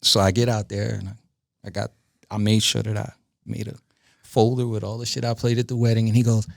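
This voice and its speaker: A guest DJ and producer from Brooklyn, New York, tells animated anecdotes on a casual podcast, acting out other people's lines and swearing frequently. His lowish voice is creaky and a little fast. The studio recording is clean, with no room sound.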